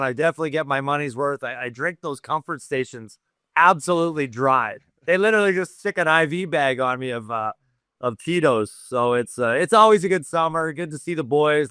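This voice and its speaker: Bright, crisp-voiced man joking around. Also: fairly high pitch, a little fast, no room sound, studio quality. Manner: joking, laughs often, self-mocking. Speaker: guest hockey analyst. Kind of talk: casual podcast chat.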